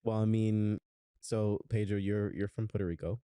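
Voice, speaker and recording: Young male podcast co-host, low dark voice, loose rambling chat, dry mic. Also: fairly even intonation, moderate pace, smooth, no room sound. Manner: rambling, lots of fillers and restarts. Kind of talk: casual chat.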